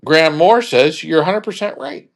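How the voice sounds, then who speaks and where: A man's voice: on the high side, lively intonation, normal speed. A man hosting a casual chat in a blunt, emphatic way, swearing freely.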